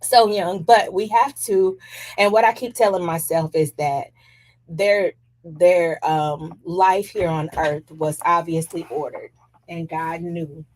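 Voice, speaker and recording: A woman hosting a talk show, chatting casually and speaking candidly about personal matters from the show's studio. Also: low voice. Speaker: show host.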